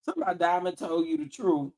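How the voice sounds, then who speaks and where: A man hosting a livestream, ranting casually in a sassy, animated way and laughing often. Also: fairly high pitch, fast. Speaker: livestream host.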